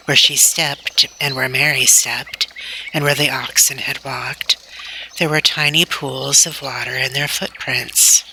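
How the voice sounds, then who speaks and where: Lady reading a kids chapter book real slow and gentle, kinda gravelly but very bright voice. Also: extremely low pitch, slight background noise. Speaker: storybook reader. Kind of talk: reading a children's novel aloud.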